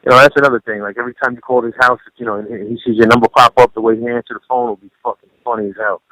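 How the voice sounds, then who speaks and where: A man's voice: mid-range voice, steady tone, rapid-fire, bright, forceful tone, no echo. A man telling rambling, profane stories over a phone call in a casual radio interview, peppering his talk with "you know". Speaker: guest recalling a late friend.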